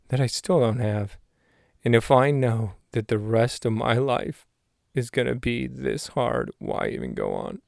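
A man's voice: mid-range voice, vocal fry, a little mellow, no room sound, studio quality. A man putting on a gloomy, self-pitying version of himself, moping and sighing through his complaints. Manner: mopey, sighing, drawn-out complaints.

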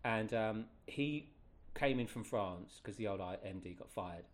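Middle-aged guest, lower voice, chatty anecdotal delivery, lots of ums. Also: male voice, a little slow. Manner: lively, animated retelling with many fillers. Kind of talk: casual anecdotal storytelling.

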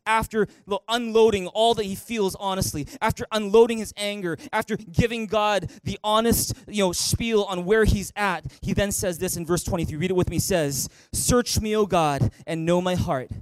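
A man's voice: high voice, brisk, hardly any pauses, no echo. A man preaching a sermon as pastor, calling the congregation to read aloud and respond. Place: church in Canada.

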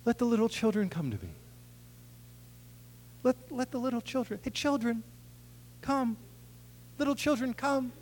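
A man's voice: very high voice, expressive, normal speed, pauses often, a little mellow, pitched above the performer's own voice. A man voicing Jesus calling the little children to him, raising his voice and drawing out the words. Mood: coaxing. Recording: long hall reverb.

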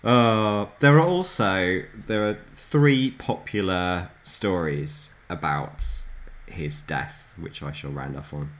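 A man's voice: low voice, takes it slowly. A man co-hosting a podcast, chatting casually and retelling anecdotes with frequent laughter. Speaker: podcast co-host. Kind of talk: casual storytelling chat.

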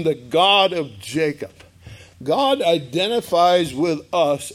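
A man preaching a sermon, emphatic and animated, with bursts of loud emphasis. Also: sits high. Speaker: pastor.

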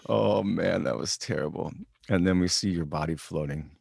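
A man in a casual chat, retelling a video game session in a laid-back, unhurried way, with many fillers. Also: low voice, gravelly, darkish tone, slightly rough.

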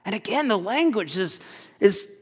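A man preaching a sermon as pastor, earnest and halting, repeating words as he goes. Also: high-pitched, big pitch swings, slightly rough, long reverb tail. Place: church.

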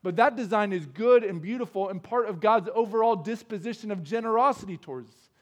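A man's voice: high-pitched, a little fast. A man preaching a sermon, earnest and explanatory, asking his listeners rhetorical questions. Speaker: pastor.

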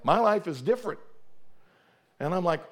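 A man's voice: high voice, lively intonation, normal speed. A middle-aged man, a pastor preaching a sermon fervently, often repeating and restarting his words.

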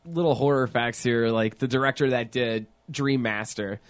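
A man's voice: mid-range voice, moderate pace. A man co-hosting a casual podcast, chatting about a horror film, laughing often and swearing casually. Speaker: podcast co-host. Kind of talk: casual film-commentary chat.

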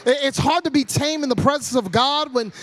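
A man in his thirties giving a humorous sermon as a guest preacher, loud and animated, joking with the congregation. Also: extremely high pitch, a little fast.

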